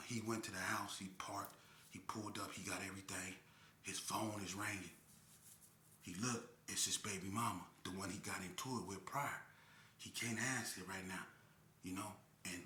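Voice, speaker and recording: A man spins a crime story in casual slang, acting out gunshots and blows with vocal sound effects. His voice is very bright and forceful. The recording has a roomy echo. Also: fairly low pitch, a little hiss or hum. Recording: echoey room.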